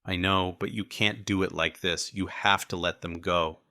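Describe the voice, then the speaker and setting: A man voicing a calm man on a phone. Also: sits low, normal speed, no echo, studio quality. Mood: reassuring. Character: calm man speaking over a phone speaker.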